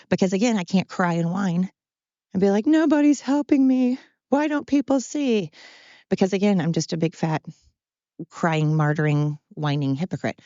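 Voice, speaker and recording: Woman podcast host, low voice, blunt rambling monologue, dull dry recording. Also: mellow, dry recording. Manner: rambling, blunt and self-deprecating. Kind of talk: candid monologue.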